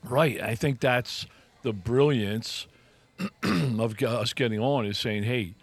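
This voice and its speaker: A man's voice: medium pitch, slow, no room sound. A man co-hosting a casual podcast chat, thinking aloud in a reflective way with frequent restarts. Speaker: podcast co-host.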